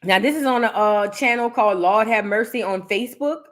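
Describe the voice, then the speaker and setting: A woman's voice: mid-range voice, brisk. A woman who hosts a celebrity gossip reaction show and talks straight to her viewers in a chatty, casual way. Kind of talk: casual commentary.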